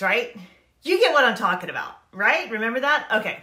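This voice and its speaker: A woman with a fairly high, bright voice delivers a casual Bible lesson to camera. She is chatty and animated, slipping into quick asides. The room around her has a noticeable echo. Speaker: Bible teacher and life coach.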